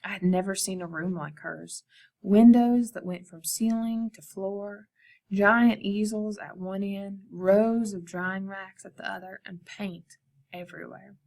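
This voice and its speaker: Gravelly-voiced woman reading a storybook. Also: medium pitch, a little slow. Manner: expressive storytelling, addresses students directly. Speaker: art teacher. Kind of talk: reading a picture book aloud to students.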